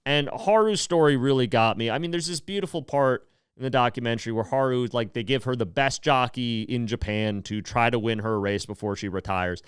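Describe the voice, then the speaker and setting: A man in his thirties hosting a podcast, talking in a rambling, animated way with swearing and emotional swings. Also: medium pitch, fairly quick, smooth, no room sound, clean studio sound. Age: 30s. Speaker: podcast host. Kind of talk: casual comedic monologue.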